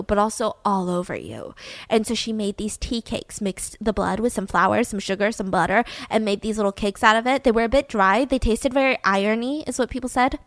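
A young woman hosts a podcast and tells a true-crime story in a chatty, casual way. She uses many fillers like "like" and "um". Her voice sits fairly high, and the sound is close and dry. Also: no echo. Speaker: podcast host.

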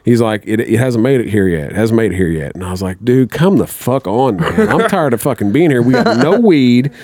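A man with a medium-pitched, slightly mellow voice spins a rambling story on a podcast, swinging widely in pitch and talking fairly quickly. He swears a lot and acts out other people's lines, and the studio-quality recording has no room sound.

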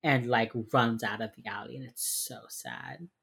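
A woman's voice: extremely low pitch, moderate pace, creaky, fairly bright tone, husky. A woman co-hosting a casual chat, animatedly acting out lines from a TV show and swearing freely. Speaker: podcast co-host recapping a TV crime drama.

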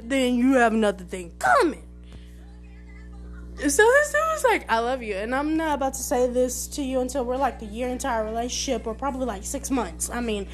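High-pitched, sassy young woman. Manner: animated, sassy, talks with lots of fillers. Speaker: podcaster. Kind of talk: casual storytelling monologue. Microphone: phone voice message.

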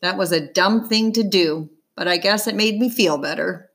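A woman reading a gentle, caring father. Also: medium pitch, normal speed, a little hiss or hum, natural voice. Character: worried caring father, middle-aged man. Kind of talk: audiobook character reading.

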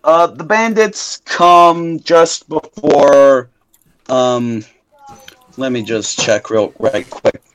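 A man's voice: fairly high pitch, a bit bright, poor audio. Hesitant young man running a tabletop game. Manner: halting, many ums and self-corrections. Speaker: game master.

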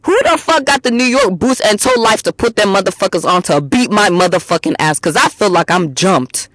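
A woman hosting a solo podcast, talking bluntly and emphatically with lots of swearing, swinging between loud outbursts and low asides. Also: expressive, fairly quick, no echo. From immigrant to the US. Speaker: podcast host.

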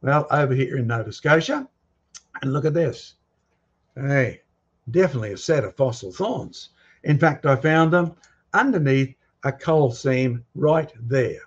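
Lecturing unhurriedly on creation and fossils with slides and audience questions, this guest speaker has a medium-pitched, husky and slightly rough voice. He is animated and insistent, pressing his audience with rhetorical questions and challenges. The sound is dull and lo-fi, with highs rolled off.

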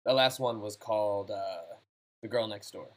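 A man's voice: on the low side, moderate pace, low-quality recording. A man casually reading out a short ghost story to a friend, in a laid-back, slangy manner. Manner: laid-back, slangy, reads stories aloud. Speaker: podcast co-host reading stories.

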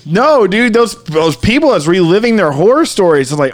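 Guy, 30s, podcast co-host; rambling, laughing storyteller, slightly higher voice. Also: big pitch swings, normal speed. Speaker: podcast co-host, bar owner. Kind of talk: casual chat.

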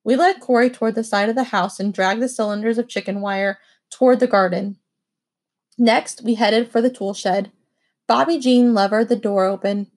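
A woman reading a children's novel aloud with expressive first-person narration. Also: fairly high pitch, normal speed. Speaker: audiobook reader.

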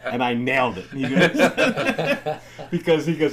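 A man's voice: mid-range voice, sing-song, drawn-out words, long pauses, a crowd in the background. Older man, former athletic trainer, casual storytelling, rambling, chuckling. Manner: rambling, restarts, laughs while telling stories. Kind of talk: casual storytelling in a group chat.

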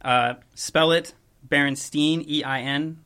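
A young man hosting a podcast, telling a story in casual chat with a laid-back, rambling manner and quick chuckles. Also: a little high, steady tone, sharp tone. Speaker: podcast host.

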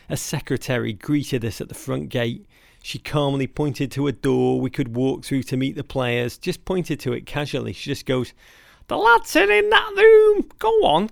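English guy in his 50s, gravelly voice, dry close sound, dramatic comic tale. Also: medium pitch, no echo. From Liverpool area, England. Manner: dramatic, wry, mock-grand. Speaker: podcast host. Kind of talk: comic storytelling.

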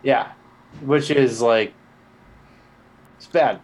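A man's voice: mid-range voice, drawn-out words, poor audio. A young man co-hosting a podcast, giving blunt, slangy takes on a TV episode and swearing freely. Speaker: podcast co-host. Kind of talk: casual chat reviewing a TV episode.

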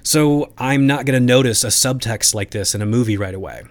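A man's voice: mid-range voice, brisk. A man hosting a solo podcast, talking through listener mail in a conversational, reflective way with occasional restarts. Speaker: podcast host.

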